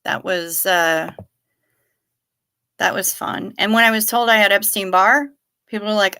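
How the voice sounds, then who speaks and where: Her voice is medium in pitch, bright, forceful and smooth, moving a little slowly with long pauses. She's a middle-aged woman hosting a livestream, casually reading chat comments and adding sardonic, dry asides.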